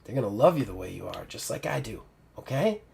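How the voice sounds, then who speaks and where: A man voicing a dying old woman mentor, hushed and tender. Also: lowish voice, big pitch swings, brisk, gravelly, slightly rough, full character voice. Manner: soft, hushed, tender delivery. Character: dying older woman mentor, gentle and calm.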